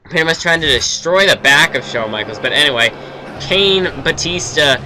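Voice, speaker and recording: A man's voice: on the high side, moderate pace, a little hiss or hum, poor audio. A young man giving casual, rambling play-by-play commentary over a wrestling video game, correcting himself as he goes, recorded on a cheap built-in mic. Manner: rambling, self-correcting, excitable at big moves. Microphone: built-in or cheap mic, no proper microphone yet.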